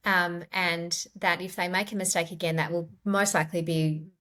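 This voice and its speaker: A middle-aged woman, a clinical psychologist, explaining ideas gently in a podcast interview. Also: lowish voice, a little slow. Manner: gentle, explanatory, acts out quoted inner voices.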